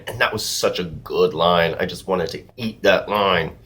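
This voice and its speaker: A man giving a casual, rambling spoken review of a TV episode, animated and swearing freely. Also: low voice, unhurried, few pauses. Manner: animated, profane, rambling with restarts.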